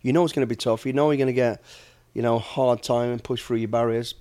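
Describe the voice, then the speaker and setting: A man's voice: medium pitch, steady tone, quick pace, dark tone, clean tone. A middle-aged man from the United Kingdom, blunt and plain-spoken, telling stories in a casual podcast chat. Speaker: podcast host, former soldier and bodyguard.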